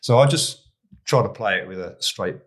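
A man's voice: on the low side, animated, moderate pace. A man in his sixties with an English accent, a retired police chief telling anecdotes in a chatty way, restarting and repeating words as he goes. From England. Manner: chatty, restarts and repeats, laughs at own stories. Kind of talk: casual anecdotal storytelling.

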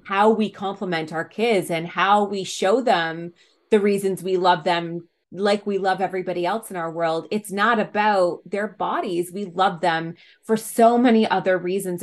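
A mother appears as a podcast guest in a casual conversation, speaking earnestly and reflectively with frequent "like" fillers. Her voice is on the low side, at a moderate pace.

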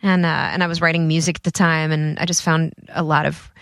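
A woman in her forties from the US East Coast talks as a podcast guest, a little low in pitch. She is chatty and self-deprecating and often restarts her sentences. The sound is dry and close. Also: level tone, brisk, no room sound. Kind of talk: casual chat.

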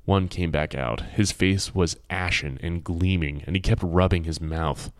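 Deep-voiced male audiobook narrator. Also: no echo, studio quality. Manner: measured, expressive storytelling.

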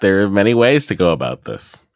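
A man's voice: on the low side, very animated, fairly quick, no echo, clean studio sound. A man co-hosting a casual podcast, teasing and joking, laughing at his own jokes. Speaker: podcast co-host. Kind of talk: casual chat.

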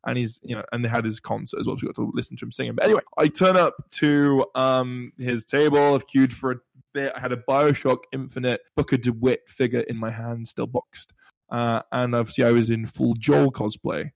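A young man, telling animated stories with playful bragging as a podcast co-host. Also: medium pitch, fairly quick, creaky, no echo. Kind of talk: casual storytelling chat.

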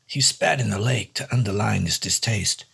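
A man's voice: on the low side, moderate pace, gravelly, a bit bright, slightly rough. A man narrating a hard-boiled noir story in a dry, wry first-person detective voice. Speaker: storyteller and host.

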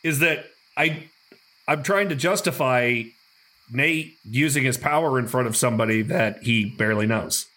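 A man's voice: medium pitch, moderate pace, pushed and bright. A man playing a tabletop role-playing game, thinking aloud hesitantly about his character. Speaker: player. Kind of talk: casual tabletop banter.

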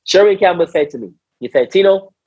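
A man from Barbados with a Barbadian accent, a former cricketer telling stories in a casual conversation, animated, slangy and repeating his words. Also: medium pitch, normal speed, husky, no room sound, dull audio. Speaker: interview guest, former cricketer.

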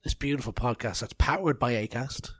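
A man's voice: medium pitch, fairly quick, breathy edge, no echo. A man hosting a podcast, rambling and self-mocking in casual chat. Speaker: podcast host. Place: outdoor festival grounds in later part.

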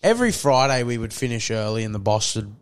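A man's voice: fairly low pitch, very animated, quick pace, clear, resonant tone. A young Australian man telling rambling, profane stories in a casual podcast chat, full of fillers. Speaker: podcast co-host.

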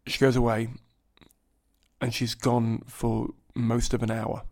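A man telling a comic anecdote in an animated, profane, self-mocking way. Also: mid-range voice, slow, creaky. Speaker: storyteller.

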